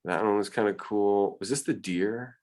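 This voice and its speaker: A man's voice: on the low side, moderate pace, darkish tone. A man, an art teacher, chatting casually with his class, hesitant, with many restarts.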